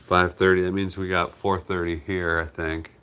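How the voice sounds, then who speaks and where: Deep-voiced man chatting on a live stream. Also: level tone, normal speed, a bit bright, clean tone. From United States. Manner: talks fondly to his dogs while reading viewer comments. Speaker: farm hospice channel host. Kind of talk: casual live stream chat.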